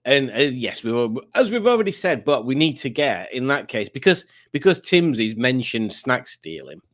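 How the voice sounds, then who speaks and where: A man's voice: mid-range voice, very animated, normal speed, fairly bright tone. A man hosting a live stream quiz night, chatting casually and rambling while he looks for clips. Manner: chatty, rambling, self-mocking.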